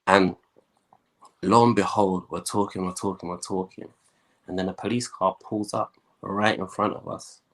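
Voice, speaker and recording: A young man, a guest, telling his life story in a lively way and acting out the voices of the people in it. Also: low voice, normal speed. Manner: animated storyteller, acts out quoted voices.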